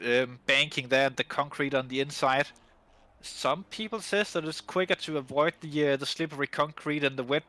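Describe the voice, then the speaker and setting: A man's voice: mid-range voice, pushed and bright. A man giving live, chatty commentary on a sim racing event, with many fillers and restarts. English is not his first language.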